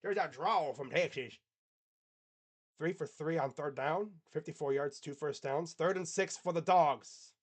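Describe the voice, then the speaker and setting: Man, slightly high voice, livestream game caller, casual chat between excited play calls. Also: measured pace. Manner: casual, chatty, reads and answers live chat; excited play calls mixed with low asides. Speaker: sports streamer. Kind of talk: live play-by-play reaction stream.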